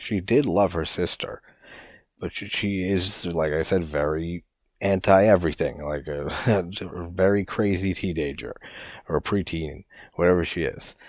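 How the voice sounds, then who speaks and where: A man's voice: deep voice, a little mellow, no echo. A young man hosting a podcast, reviewing a film in a loose, rambling way with lots of "like" and casual swearing. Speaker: podcast host.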